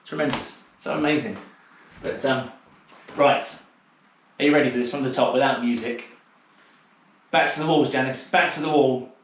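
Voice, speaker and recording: A man's voice: medium pitch, steady tone, normal speed, pauses often, far from the mic. A man teaching a dance class over a video call, calling out steps and chatting with a teasing manner. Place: home room on a video call. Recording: very echoey room.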